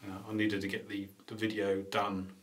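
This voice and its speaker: A man's voice: fairly low pitch, completely flat delivery, normal speed. A man chatting casually on a live stream, rambling and greeting viewers between tasks. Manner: rambling, chatty, frequent ums and uhs. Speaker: vlogger hosting a live stream.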